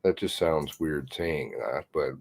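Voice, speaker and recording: Man, deep voice, slow, livestream host, rambling, reads comments aloud. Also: gravelly. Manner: meandering, reads viewer comments and emails aloud; blunt, swears casually. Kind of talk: rambling live chat.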